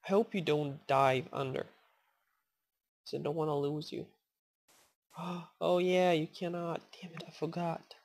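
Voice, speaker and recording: As she plays, a gaming channel host rambles casually, thanks viewers, and coaxes in-game animals out loud, swearing in abrupt excited outbursts. She speaks in a deep voice, a little slowly, with long pauses.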